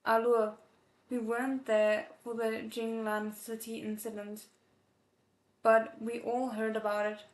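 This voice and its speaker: A woman reading the lines of a firm young female disciple who scolds in a steady, stern way. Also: on the high side, unhurried, close to an everyday voice. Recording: echoey room.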